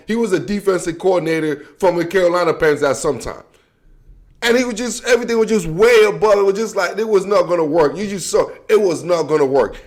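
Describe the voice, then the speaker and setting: A man giving a casual, heated football rant to his camera, talking bluntly in slang and tagging his sentences with "man" and "bro". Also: high-pitched. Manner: repetitive filler like "man" and "bro". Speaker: football commentator.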